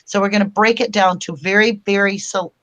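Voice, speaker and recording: A woman's voice: mid-range voice, steady tone, a little fast, fairly bright tone, lo-fi sound. A woman hosting a casual live-stream chat from home, chatting loosely and greeting viewers by name as she reads their comments aloud. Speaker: host of a live chat show.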